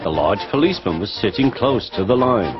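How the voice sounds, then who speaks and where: A man narrating a children's story in a lively, expressive way. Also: fairly low pitch, brisk. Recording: muffled old audio with music.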